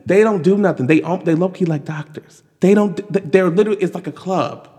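A man giving casual, animated commentary on news, exasperated and full of restarts and fillers. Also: high voice, fast talker, hardly any pauses. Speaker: commentary vlogger. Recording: long hall reverb.

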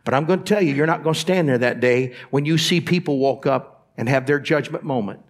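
A man's voice: medium pitch, a little fast. A man preaching a sermon as pastor in a church, talking straight to the congregation and asking them to answer back. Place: church sanctuary.

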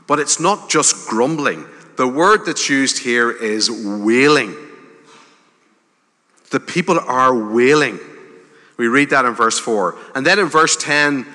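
A man in his fifties preaches in an unhurried, conversational way, letting his emphasis climb as he repeats a point. His voice is bright and forceful. A long reverb from the hall trails behind each phrase. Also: mid-range voice. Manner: conversational, with gentle humor and rising emphasis. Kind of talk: sermon.

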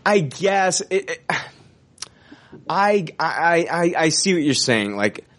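A man co-hosting a casual fan podcast, excited and rambling, swearing now and then. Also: a little high, takes it slowly. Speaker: podcast co-host.

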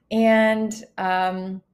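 A woman in her thirties talking candidly in a personal vlog, halting and close to tears as she opens up. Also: medium pitch. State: holding back tears. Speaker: healthcare worker vlogger.

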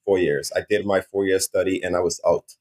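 A man's voice: low voice, steady tone, brisk, a little mellow. A man from Saint Martin with a Caribbean accent, chatting easygoing and upbeat as an interview guest. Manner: easygoing, upbeat, chuckles while talking. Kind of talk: casual interview chat.

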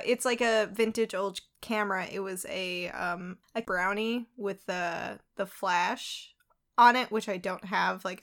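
A woman's voice: medium pitch, a bit bright. A young woman with a New York accent co-hosting a casual podcast, chatty and self-deprecating. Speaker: podcast co-host. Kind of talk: casual chat.

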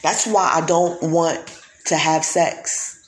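A woman's voice: low-pitched, fairly even intonation, slow pace, slight background noise. A woman vlogger in a casual monologue, talking emphatically and preachily, often repeating herself. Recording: echoey room.

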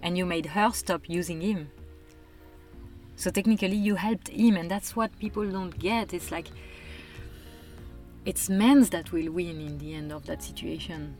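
A woman's voice: fairly low pitch, measured pace, darkish tone, faint music behind. A woman, earnestly making her case in a casual conversation. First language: French. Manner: earnest, emphatic, persuasive.

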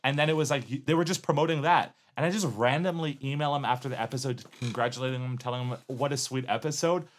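A man's voice: mid-range voice, fast, few pauses. A man co-hosting a podcast, telling a story in casual chat. He jokes and teases, and fills his speech with "like.". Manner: joking, teasing, uses lots of fillers like "like". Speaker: podcast co-host.

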